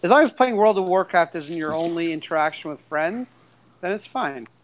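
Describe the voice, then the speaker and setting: High-pitched blunt-talking man. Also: expressive, moderate pace, a little hiss or hum, low-quality recording. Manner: joking, blunt, swears freely. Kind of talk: casual podcast chat.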